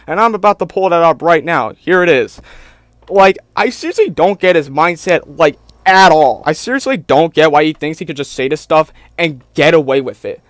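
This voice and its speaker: A man's voice: fairly high pitch, expressive, normal speed, dry recording, studio quality. Exasperated young-sounding man ranting. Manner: exasperated, fills talk with "like" and "bro". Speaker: YouTube commentator. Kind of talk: casual commentary rant.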